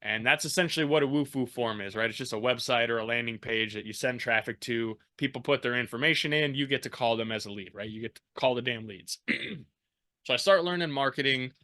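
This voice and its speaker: Bright-voiced man telling a story. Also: mid-range voice, fairly quick. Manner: animated, acts out quoted voices, swears freely. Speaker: podcast guest. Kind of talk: casual storytelling.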